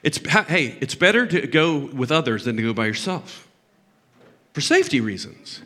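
Bright, impassioned older male preacher. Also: very animated, moderate pace. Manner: impassioned, rising to loud emphatic peaks, then dropping low and quiet. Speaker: pastor. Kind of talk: sermon.

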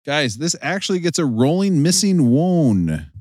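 Jokey male podcast host, lively pitch. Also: unhurried, no room sound, studio quality. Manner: jokey, theatrical, swings pitch widely. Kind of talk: casual comedic chat.

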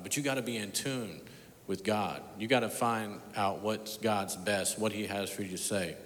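A man preaching a sermon as pastor, telling a story, dropping to a hush and then rising loud and emphatic. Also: on the low side. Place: church sanctuary. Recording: long hall reverb.

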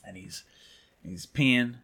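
A man with a middle-pitched, everyday voice chats on a podcast. He tells his story in a relaxed, laid-back way and fills in his co-host's pauses. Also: husky. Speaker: podcast co-host. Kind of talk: casual chat and storytelling.

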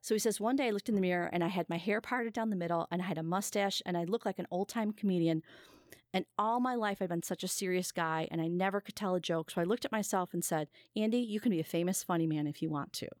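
A woman's voice: lowish voice, quick pace, darkish tone, no echo, clean studio sound. A woman hosting a casual chat and telling a story animatedly, acting out quotes as she goes.

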